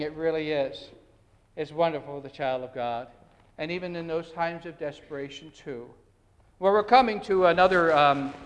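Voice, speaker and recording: A man preaching a sermon as pastor, earnest, with frequent restarts and rising emphasis. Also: high-pitched. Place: church sanctuary. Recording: long hall reverb.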